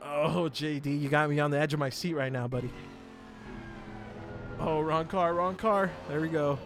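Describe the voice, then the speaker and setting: A man giving live sim racing commentary, excitable and joking, laughing often. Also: fairly high pitch, normal speed, background noise.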